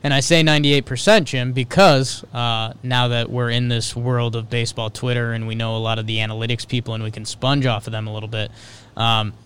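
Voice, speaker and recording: A man co-hosting a baseball podcast, chatting casually and getting excitable, his voice leaping high when he stresses a point. His voice is smooth and resonant, at a middling pitch. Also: a little fast. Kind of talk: casual sports talk.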